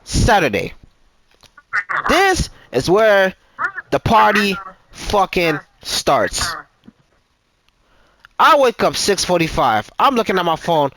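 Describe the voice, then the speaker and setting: A man's voice: high-pitched, wildly swooping pitch, slow pace, pauses often, pushed and bright, poor audio. A man in his twenties on a gaming voice chat, telling a story in casual, profane talk, stumbling and repeating himself as he goes.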